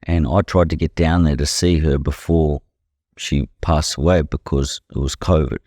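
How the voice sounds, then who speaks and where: A man's voice: a bass voice, steady tone, normal speed, darkish tone, no echo, studio quality. A young Australian man, a professional boxer, speaking candidly as a podcast guest. He talks bluntly, swears freely and keeps saying "you know". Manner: blunt and profane, leans heavily on "you know". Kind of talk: candid conversational storytelling.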